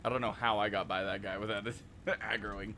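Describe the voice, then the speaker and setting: A man's voice: fairly low pitch, flat delivery, a little fast, bright, forceful tone, slight background noise. A man streaming a game, chatting casually and joking with a co-host. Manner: joking, laughs often. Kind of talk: casual gameplay chat.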